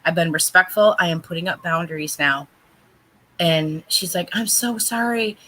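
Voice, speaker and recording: A woman chatting on a livestream, retelling a tense story with animated, emphatic delivery. Her voice is bright and forceful, and it sits a little low. She quotes the other people in her story with lively energy. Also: moderate pace, a little hiss or hum, rough recording. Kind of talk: casual livestream chat.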